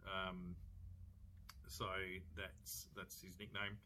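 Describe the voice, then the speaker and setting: An Australian man talks through a film review in a loose, rambling way with jokey asides. His voice sits on the low side but has a bright, forceful edge. Faint noise can be heard behind him. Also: level tone, extremely slow.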